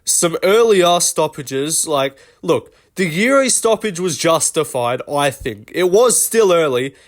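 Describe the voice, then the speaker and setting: A man's voice: a little high, expressive, measured pace. A man hosting a casual commentary vlog, rambling and swearing with lots of fillers. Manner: rambling and profane, many fillers. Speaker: host.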